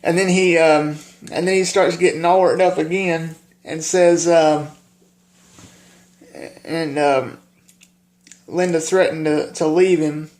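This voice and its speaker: Halting, higher-pitched man vlogging. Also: fairly even intonation, darkish tone. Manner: halting, with many filler pauses. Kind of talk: casual talk about a favorite film.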